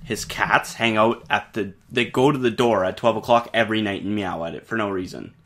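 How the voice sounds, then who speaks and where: Bright-voiced man rambling through a story. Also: fairly low pitch, a little fast, slight background noise. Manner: rambling, lots of fillers and swearing. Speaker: podcast co-host. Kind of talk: casual chat, telling a ghost story.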